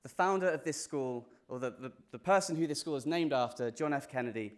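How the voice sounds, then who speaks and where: A man's voice: mid-range voice, fairly quick. Young British man giving a class day speech. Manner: earnest with self-deprecating jokes; restarts and repeats words. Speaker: graduating student speaker.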